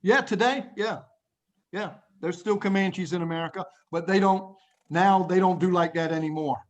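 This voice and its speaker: A middle-aged man teaching English to children on a video call, an animated, dramatic storyteller who chuckles often. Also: sits high, moderate pace, dull audio.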